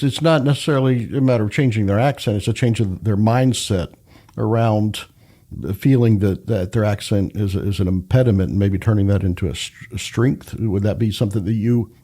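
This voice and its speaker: A man's voice: on the low side, brisk, mellow. A man hosting a radio interview show, asking long questions that he works out as he goes. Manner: hesitant, many fillers and restarts.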